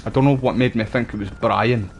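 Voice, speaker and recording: A man's voice: mid-range voice, steady tone, brisk, a little hiss or hum. A Scottish man chatting casually while streaming a game, rambling between stories. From Scotland. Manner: rambling, chatty, uses local slang. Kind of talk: casual gameplay chat.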